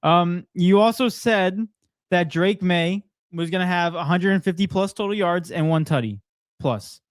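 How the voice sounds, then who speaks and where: A man's voice: high-pitched, a little slow, no room sound. A young man co-hosting a sports podcast, upbeat and laughing often as he reads out scores and predictions. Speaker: podcast co-host.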